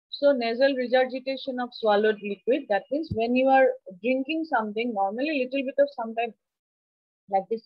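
A woman's voice: on the high side, dry recording, lo-fi sound. A woman teaching an anatomy class over a video call, explaining step by step and often checking with her students. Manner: explanatory, asks the class questions. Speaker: anatomy lecturer. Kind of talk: online class lecture. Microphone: computer mic on a video call.

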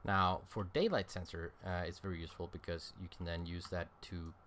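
Low-voiced man rambling through gameplay. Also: steady tone, fairly quick, fairly bright tone, a little hiss or hum. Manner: rambling, thinking aloud with many fillers. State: tired, yawning. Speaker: game streamer. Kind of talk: casual let's-play commentary.

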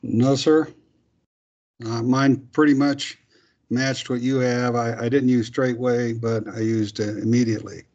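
A man's voice: mid-range voice, steady tone, unhurried, a little mellow, dull audio. A man student in a classroom who reads his translation aloud and answers the teacher politely.

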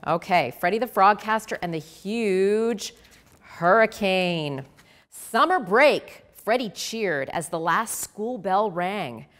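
Expressive woman reading a kids' book. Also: mid-range voice, takes it slowly. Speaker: author reading her picture book. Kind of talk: children's read-aloud.

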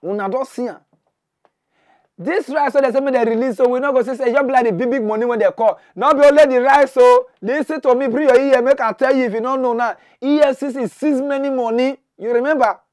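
Nigerian Pidgin comedy host, man, high voice, mocking and excitable, dry close sound. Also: fairly quick, no echo. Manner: excitable, mocking, swings between shouting and muttering. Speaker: mock news host. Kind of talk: comic pidgin commentary.

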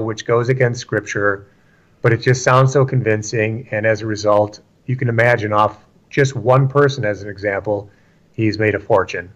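In a lo-fi recording, a medium-pitched man discusses scripture in a casual but preachy way. He is emphatic, repeating phrases for emphasis and acting out quotes.

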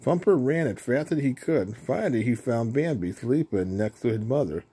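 A man reading a children's story aloud, unhurried, with small slips and restarts. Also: mid-range voice, expressive, dark tone, slightly rough. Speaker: storybook reader.

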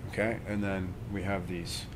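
A man leading a live workshop on breathing and meditation, talking calmly and conversationally and often checking in with his listeners. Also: sits low, normal speed, background noise. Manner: calm, conversational, checks in with "right?".

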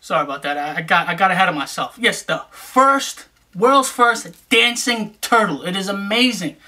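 A man giving casual vlog shout-outs in a hyped, joking, streetwise patter, repeating "you know what I'm saying". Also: sits high, expressive, moderate pace.

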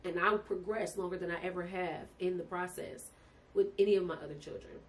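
A woman's voice: lowish voice, brisk. A young woman telling her birth story casually and with emotion, often calling listeners "y'all". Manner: animated, emotional, addresses listeners as "y'all" and "baby". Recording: distant mic with faint background noise.

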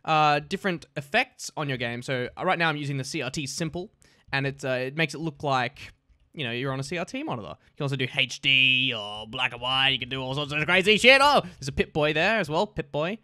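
Bright-voiced gaming host. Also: male voice, mid-range voice, fairly quick, dry recording, clean studio sound. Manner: crude, profane and jokey. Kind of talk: casual gameplay commentary.

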